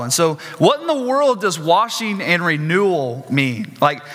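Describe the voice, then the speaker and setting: Male pastor, bright, slightly high voice, chatty sermon delivery, long hall reverb. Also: animated, unhurried, hardly any pauses. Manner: conversational preaching with asides and questions to the congregation.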